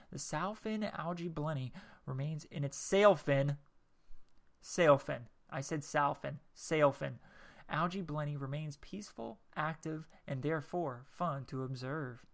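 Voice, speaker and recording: A man hosting a casual solo podcast, reading text aloud in a rambling, jokey way and tripping over words. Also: on the high side. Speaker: podcast host.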